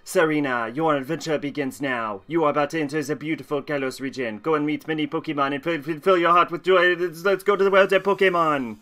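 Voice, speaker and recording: A man reading video game dialogue aloud in a slow, theatrical mock French accent. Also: on the high side, steady tone, fairly bright tone, soft background music, close to an everyday voice. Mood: cheerful.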